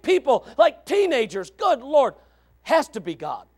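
High, gravelly preacher man. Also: huge pitch swings, measured pace. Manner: swings from soft asides to shouted exclamations; reads scripture in old-fashioned wording. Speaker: pastor. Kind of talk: fiery sermon.

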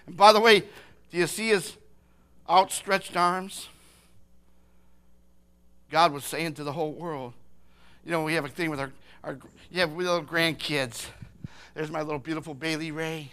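An older man preaching a sermon, impassioned, swinging from hushed words to shouting. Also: fairly high pitch, steady tone, moderate pace, long pauses, clear, resonant tone.

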